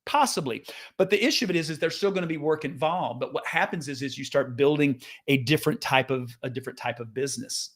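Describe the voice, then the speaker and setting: A man's voice: a little high, fast, a bit bright. A man in his fifties giving an earnest, casual motivational talk to camera as a business coach, restarting sentences often and slipping into quoted voices.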